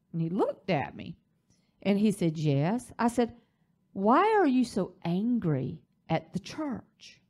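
A woman's voice: mid-range voice, darkish tone. A woman, the pastor's wife, teaching a church leadership class in a preaching style, telling a story with emphasis.

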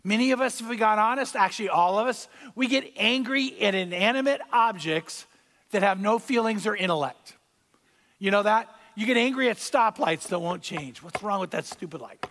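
A man preaching a sermon as pastor, speaking conversationally, repeating key phrases and swelling louder on his points. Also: high-pitched, lively intonation, moderate pace, long reverb tail. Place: church sanctuary.

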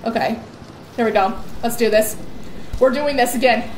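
A woman's voice: a little high, normal speed. A young woman giving jittery, rambling commentary on a horror game and repeating words in nervous bursts. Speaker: gaming YouTuber. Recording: echoey room with faint noise.

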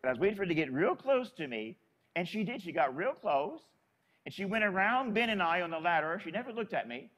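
A man's voice: high voice, lively intonation, fairly quick, a bit bright. A man from Florida, a Catholic priest, telling a story in a sermon in a chatty, folksy way.

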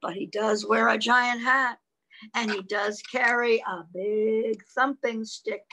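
A woman voicing an excited, out-of-breath little male rabbit who stumbles over his words. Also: on the high side, slow, heavily acted, poor audio. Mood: breathless, eager.

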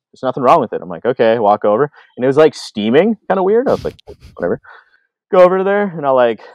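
A Canadian filmmaker telling stories in a casual interview, acting out other people's lines, with lots of fillers. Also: male voice, fairly low pitch, dry recording, muffled recording. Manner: animated, acts out quoted voices, many fillers. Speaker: filmmaker guest. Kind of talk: casual storytelling.

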